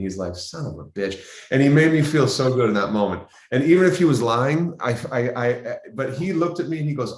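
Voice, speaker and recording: Guest actor, male, animated storyteller who plays out the voices he quotes, roomy echo. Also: medium pitch. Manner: animated, acts out quoted voices, frequent restarts. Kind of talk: interview storytelling. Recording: roomy, echoey sound.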